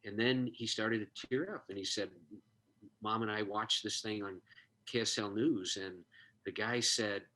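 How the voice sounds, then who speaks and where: A man's voice: lowish voice, fairly even intonation, unhurried, pushed and bright. A man telling a heartfelt story in conversation, earnest and moved, acting out the dialogue he recounts. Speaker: guest, suicide prevention expert.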